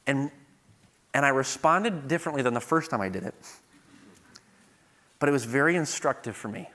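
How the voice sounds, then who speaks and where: A middle-aged man preaching a sermon, moving from quiet storytelling to loud, emphatic peaks. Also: mid-range voice, lively intonation, moderate pace.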